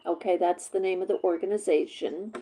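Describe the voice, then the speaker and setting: A woman from Vermont chatting casually to her camera, rambling with many fillers, her voice a little hoarse as she works through a cough drop. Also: lowish voice, fairly even intonation, fairly quick, mellow, low-quality recording. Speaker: vlogger.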